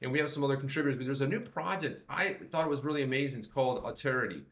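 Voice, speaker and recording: A man's voice: medium pitch, very fast, fairly bright tone. A man co-hosting a livestream, chatting in a rambling way and greeting viewers by name. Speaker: livestream co-host. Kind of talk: casual livestream chat. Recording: roomy, slightly dull livestream audio.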